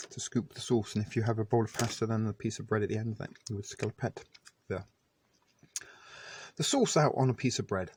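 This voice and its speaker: A man's voice: on the low side, darkish tone, slight background noise. A man casually reviewing food on camera, chatty and self-deprecating, sometimes talking with his mouth full. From Canada. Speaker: vlogger reviewing military rations.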